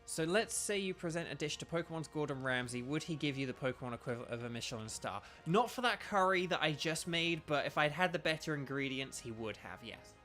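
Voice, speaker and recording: A man's voice: fairly high pitch, lively intonation, brisk, few pauses, bright, forceful tone, faint music behind. A young British man chatting casually while streaming a video game, rambling with lots of ums and restarts. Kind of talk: casual live-stream chat.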